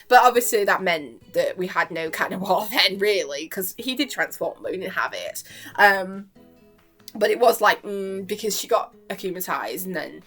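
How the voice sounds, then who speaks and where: Giggly young woman, animated. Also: medium pitch. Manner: chatty and giggly, full of fillers like "like". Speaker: vlogger. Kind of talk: casual chat reacting to a cartoon episode.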